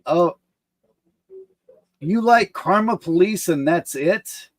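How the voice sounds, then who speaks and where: A man streaming from indoors, reacting to a video in loose, excitable chat. He swears freely. His voice sits a touch high, and the sound is close and dry. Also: slow pace, dry recording.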